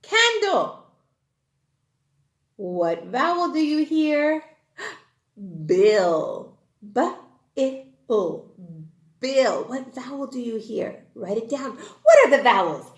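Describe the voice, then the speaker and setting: A high, lively woman teaching a recorded kindergarten phonics class. She speaks slowly with a sing-song, encouraging manner, and her voice rings in an echoey room. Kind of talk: recorded online class lesson.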